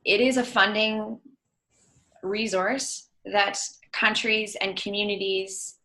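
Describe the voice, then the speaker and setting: A woman on a webinar panel, speaking over a video call and calmly explaining how a funding program works. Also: medium pitch, takes it slowly, rough recording. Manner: explanatory, adds detail to others' answers.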